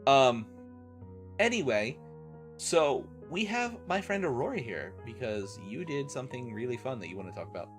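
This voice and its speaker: A man's voice: mid-range voice, big pitch swings, normal speed, soft background music. A man hosting a live stream with a headset, chatting loosely with his viewers and a guest. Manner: loose and profane, thanks viewers, talks with a guest on a call. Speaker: streamer host. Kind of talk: casual live-stream chat.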